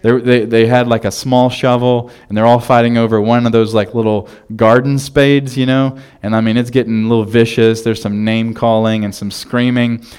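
A man in his thirties preaching a sermon as pastor, telling stories in a relaxed, conversational way with frequent restarts. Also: mid-range voice, moderate pace, hardly any pauses, clear, resonant tone.

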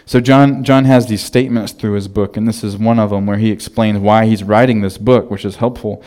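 Smooth-voiced pastor preaching casually. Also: male voice, fairly low pitch, fairly even intonation, a little fast, hardly any pauses, warm tone. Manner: conversational storytelling with restarts. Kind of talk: sermon.

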